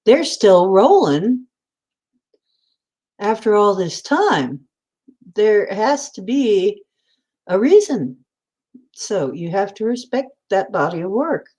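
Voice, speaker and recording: A woman's voice: mid-range voice, very animated, slow pace, pauses often, darkish tone, husky. A woman hosting a casual chat, meandering and chatty with many fillers. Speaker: host.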